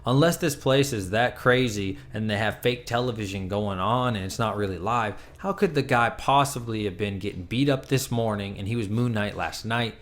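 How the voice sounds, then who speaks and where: A man's voice: lowish voice, moderate pace, few pauses. A man casually reviewing a comic book, retelling the plot with enthusiastic, chatty energy.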